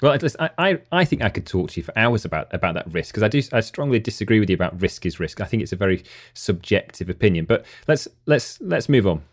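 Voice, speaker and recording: A man hosting an interview and asking questions in a halting way, repeating words as he goes. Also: lowish voice, sing-song. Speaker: interviewer, host. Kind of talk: interview conversation.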